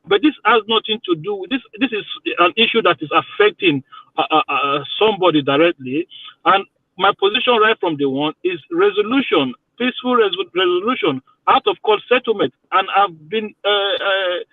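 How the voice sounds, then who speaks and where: A man's voice: high-pitched, expressive, normal speed, no echo. A Nigerian man defending himself on a debate panel, stammering into restarts as he talks. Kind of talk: heated debate. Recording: tinny phone line.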